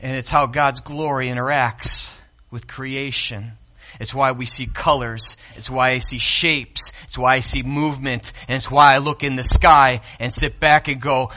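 A man preaching a sermon to his congregation, swinging from loud, emphatic declarations to hushed asides and talking directly to the people in front of him. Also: medium pitch, steady tone, unhurried. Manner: speaks directly to the congregation, calling to the kids and the lights operator. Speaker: pastor.

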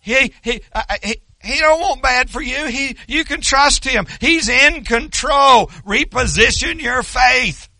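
An older man from Oklahoma preaching a sermon, wandering into folksy asides and building to loud shouted stretches. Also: very high-pitched, slow, vocal fry, hardly any pauses, no room sound.

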